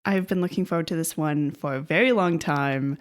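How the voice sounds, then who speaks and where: A woman co-hosts a podcast in loose, casual chat. Her voice sits a little low, and she laughs easily and often, with plenty of fillers between her thoughts. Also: a little fast. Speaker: podcast co-host.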